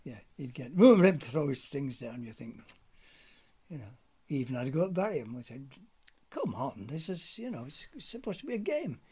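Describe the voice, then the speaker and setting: An older pantomime comedian tells stories in a chatty, anecdotal interview, acting out old routines in character voices. His mid-range voice is very animated, a little fast, mellow, and husky.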